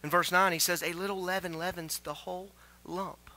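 A man preaching a sermon as pastor, asking the congregation questions and building to loud exclamations. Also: sits high, fairly even intonation, fairly quick, dry recording. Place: church sanctuary.

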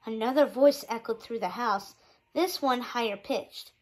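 A woman's voice: fairly high pitch, unhurried, rough recording. Woman reading a children's novel aloud. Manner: expressive, lively narration. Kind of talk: children's book read-aloud.

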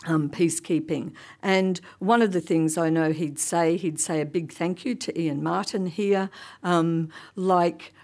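A woman's voice: lowish voice, a little mellow. A woman giving a chatty conference talk, with many ums and frequent laughs. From Australia. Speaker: conference panel speaker. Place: conference hall.

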